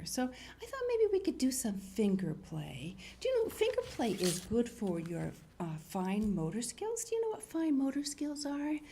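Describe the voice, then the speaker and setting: Animated older woman reading to kids. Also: medium pitch. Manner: animated, storytelling, talks to young viewers. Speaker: children's TV host. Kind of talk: reading a picture book aloud to children.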